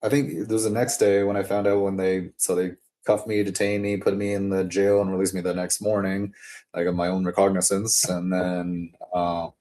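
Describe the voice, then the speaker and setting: A man with a fairly low, mellow voice talks casually to the camera. He rambles and drifts off topic, swearing freely and filling his speech with "like" and "um.". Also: flat delivery, moderate pace. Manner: rambling and digressive, profane, with frequent fillers. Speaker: vlogger.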